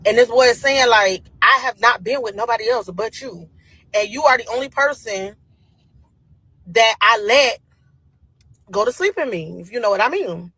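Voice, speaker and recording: Husky woman retelling gossip. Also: a little high, normal speed, pauses often, bright, forceful tone, rough recording. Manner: gossipy, retells with quoted voices. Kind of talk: casual storytelling rant.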